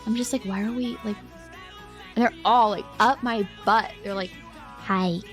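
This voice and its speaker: A young woman talks to her stream in a loose, giggly ramble, leaning on "like" in nearly every phrase. Her voice sits slightly on the higher side. Soft music plays faintly in the background. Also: fairly even intonation, moderate pace. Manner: rambling, giggly, heavy use of "like". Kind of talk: casual storytelling to a live chat.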